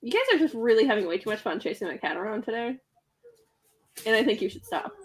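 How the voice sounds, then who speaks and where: A woman hosting a casual book chat with friends, lively and quick to laugh and exclaim. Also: fairly high pitch, husky. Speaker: host.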